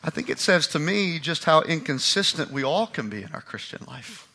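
A male pastor delivers a sermon in a high, very bright voice. He moves through the passage with animated emphasis and briefly acts out the lines he quotes. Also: moderate pace, creaky.

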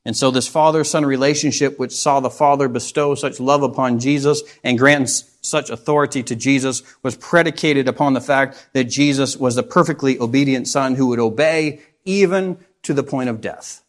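A man's voice: mid-range voice, normal speed, hardly any pauses. A man preaching a sermon, reading scripture aloud and asking rhetorical questions in an earnest, expository way.

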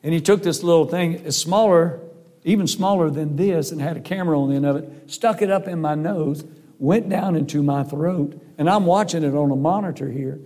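A middle-aged man preaching a sermon with a hoarse voice, telling a personal story in a folksy way and acting out the voices of people in it. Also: a little high, normal speed, mellow. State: hoarse from a vocal cord nodule. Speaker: preacher and singer.

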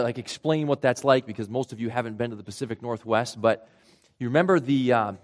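Conversational pastor with a Rhode Island accent. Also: male voice, medium pitch. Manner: conversational, explains step by step with asides. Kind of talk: sermon.

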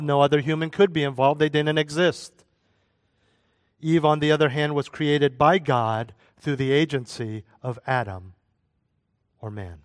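A man's voice: on the high side, no room sound. A man preaching a sermon as a pastor, conversational, with asides and jokes.

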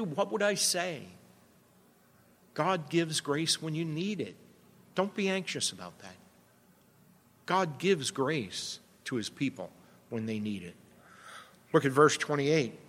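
A man's voice: medium pitch, fairly bright tone. A man preaching a sermon, earnest and emphatic, asking rhetorical questions and pressing his points home. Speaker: pastor. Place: church sanctuary. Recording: long reverb of a church hall.

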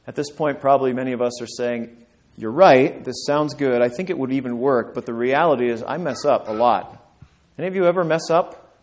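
A male pastor preaching a sermon, building to emphatic peaks and dropping to quiet, earnest lines. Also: medium pitch, a little fast.

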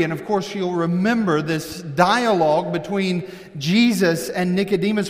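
High-voiced man preaching in a reverberant hall. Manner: conversational preaching, building to emphatic points. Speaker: pastor. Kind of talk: sermon. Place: church sanctuary. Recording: long reverb from a large hall.

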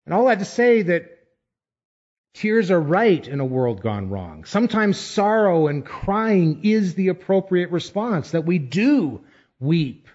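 Slow, earnest preaching man. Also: on the high side, a little mellow, lo-fi sound. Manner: measured, emphatic preaching with deliberate pauses. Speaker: pastor. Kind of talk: sermon.

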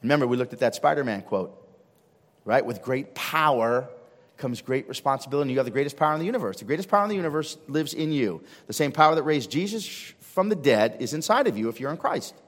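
Pastor, male, slightly high voice, punchy rhetorical sermon delivery, long church-hall reverb. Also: big pitch swings, quick pace. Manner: emphatic preaching with rhetorical questions, rising to loud fervor. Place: church sanctuary with congregation.

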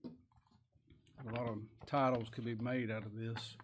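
A man's voice: medium pitch, little pitch movement, slow pace, slight background noise. A man preaching a sermon in a folksy, repetitive style that rises into emphatic bursts.

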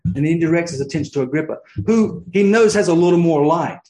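A man's voice: a little high, fast talker, darkish tone, roomy sound, rough recording. A man preaching a sermon, earnest, often restarting his sentences and rising into emphatic peaks. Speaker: pastor.

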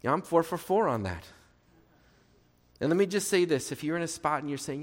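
A man's voice: fairly high pitch, animated, fairly quick. A man preaching a sermon in an earnest, conversational way, asking his listeners rhetorical questions and adding playful asides. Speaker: pastor. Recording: reverberant hall.

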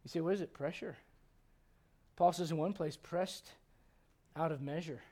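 Preaching from the pulpit, this man's voice runs on the high side as he moves from quiet stretches to loud, almost shouting moments and rattles off quick rhetorical questions.

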